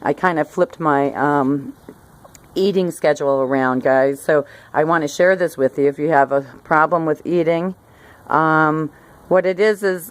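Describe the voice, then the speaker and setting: A middle-aged woman with a low voice talks to her camera outside by a hillside garden. She rambles and restarts her sentences, laughing now and then as she goes. It sounds like a relaxed chat about her day. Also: clean tone. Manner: rambling, self-interrupting, laughs often. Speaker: vlogger. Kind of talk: casual talk to camera.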